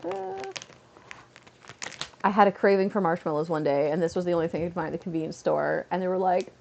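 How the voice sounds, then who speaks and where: A woman's voice: fairly low pitch, expressive, a little fast, gravelly, a little mellow, muffled recording. A woman from Canada chatting casually on a livestream at home, rambling with lots of "like" fillers. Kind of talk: casual chat. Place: at home, seated on a beanbag.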